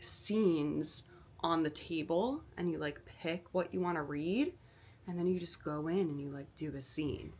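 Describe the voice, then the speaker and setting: Chatty young woman with a lowish voice. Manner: chatty, with frequent "like" fillers. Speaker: actor and vlogger. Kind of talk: casual vlog chat.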